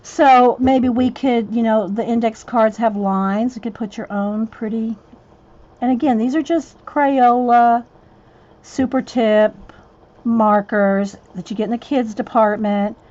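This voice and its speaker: A woman's voice: a little high, steady tone, unhurried, dark tone. Lady catching her breath, chatting with her stream from home, muffled lo-fi audio, says y'all a lot. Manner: chatty, addresses viewers by name, drawls "y'all". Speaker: host of a craft live stream. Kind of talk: casual live-stream chat with viewers.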